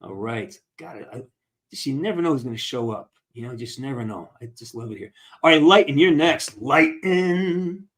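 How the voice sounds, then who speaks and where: A man's voice: medium pitch, animated, normal speed. A man hosting a casual live-stream Q&A with fans over a video call, upbeat, encouraging and a bit rambling. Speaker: actor hosting a fan Q&A.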